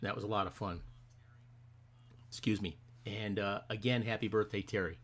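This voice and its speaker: Speaking from his desk mic, a middle-aged man with a somewhat low, slightly bright voice runs a casual live stream. His intonation is fairly even and his pace normal. He rambles in a friendly, easygoing way, greeting each arriving viewer by name.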